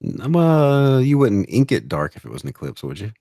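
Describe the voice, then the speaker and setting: A man's voice: medium pitch, huge pitch swings, moderate pace, gravelly, dark tone, no room sound, clean studio sound. A man chatting on a live stream, hesitant, with many ums and uhs. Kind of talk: casual live-stream chat.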